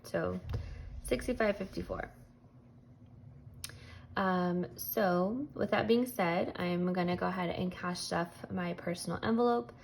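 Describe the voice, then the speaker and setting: A woman with a lowish, gravelly voice explains her spending plan in a relaxed, step-by-step way. She counts money aloud in an even rhythm. The home recording carries a clear layer of background noise. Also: measured pace, few pauses, rough recording. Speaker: budgeting vlogger. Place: at home, kids awake nearby.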